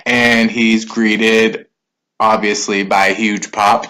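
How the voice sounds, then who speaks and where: A man's voice: fairly low pitch, little pitch movement, slow, pushed and bright. A man giving a casual spoken recap of a wrestling show, loose and conversational with filler words and asides.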